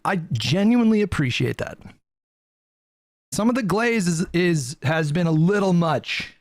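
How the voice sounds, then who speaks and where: A man's voice: high-pitched, animated, unhurried, no room sound, clean studio sound. A man streaming, chatting and reading viewer donations aloud. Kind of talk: casual stream commentary.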